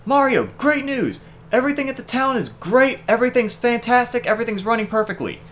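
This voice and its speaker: A man voicing a high-pitched, frantic male Toad mushroom character from a cartoonish game, shrill and exaggerated. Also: expressive, fairly quick, a bit bright, a little hiss or hum. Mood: overjoyed.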